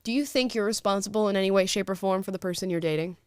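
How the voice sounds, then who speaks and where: A young woman hosting a live talk show in a casual, animated way, quick with asides and often laughing. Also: medium pitch, smooth, no room sound, clean studio sound. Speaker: show host.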